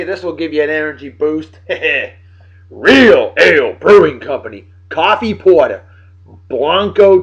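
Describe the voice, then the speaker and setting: A man hosting a casual show, giving boisterous, jokey shout-outs full of slang. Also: fairly high pitch. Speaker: host. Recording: dull lo-fi sound with faint music.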